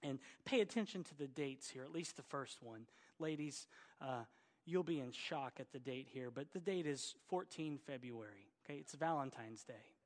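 A man's voice: medium pitch, moderate pace, in a large hall. A middle-aged man from Oklahoma with an Oklahoma accent, preaching a sermon in an earnest, exhorting way with folksy asides. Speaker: pastor.

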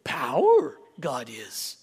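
A man voicing a tiny ancient wise alien master who speaks with inverted word order in a slow, solemn way. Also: fairly high pitch, huge pitch swings, gravelly, darkish tone, slightly rough, full character voice. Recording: long hall reverb.

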